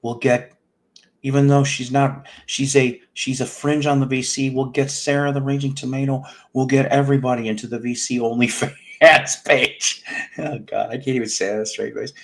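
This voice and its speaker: A man's voice: medium pitch, normal speed. A man hosting a livestream show from home, talking in a rambling, self-mocking, jokey way. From United States. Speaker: livestream music show host. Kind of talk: casual livestream chat.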